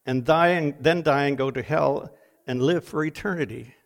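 A man's voice: a little high, moderate pace. An older man preaching a sermon, reading deathbed quotes with dramatic emphasis.

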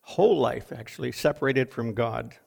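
A man's voice: medium pitch, moderate pace, vocal fry, darkish tone, breathy edge. An older man preaching a sermon, reading deathbed quotes with dramatic emphasis.

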